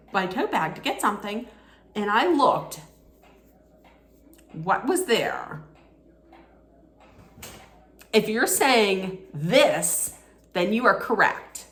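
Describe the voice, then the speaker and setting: A woman vlogger telling a casual story, animated and excitable, laughing often. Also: on the high side, echoey room.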